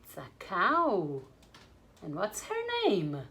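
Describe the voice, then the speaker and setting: A young woman teaching English to small children online in a slow, sing-song, animated way. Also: on the low side. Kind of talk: online kids' English lesson.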